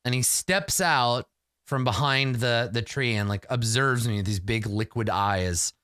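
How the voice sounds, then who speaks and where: A man narrating his solo tabletop game in a casual, halting way, full of "like" and restarts. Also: medium pitch, sharp tone, clean tone, dry recording, clean studio sound.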